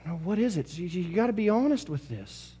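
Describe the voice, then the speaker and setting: A male pastor preaching a sermon with passion, repeating phrases and swinging from loud bursts to hushed lines. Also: high voice, sing-song, brisk, breathy edge, long reverb tail. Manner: impassioned preaching with repetition and sudden swings between loud and hushed. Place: church service.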